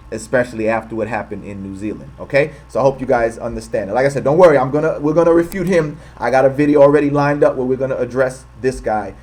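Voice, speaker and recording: A man's voice: mid-range voice, a little mellow. An American man hosting a commentary video, talking in a heated way and often restarting his phrases. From United States. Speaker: host.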